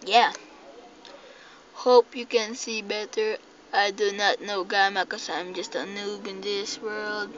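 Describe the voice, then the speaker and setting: A young woman with a Filipino accent commenting on a game she is playing, excitable and jumpy, jumping between loud panicked cries and low mutters. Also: slow pace. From Philippines. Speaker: gamer. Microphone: phone mic. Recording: dull lo-fi phone recording with faint noise.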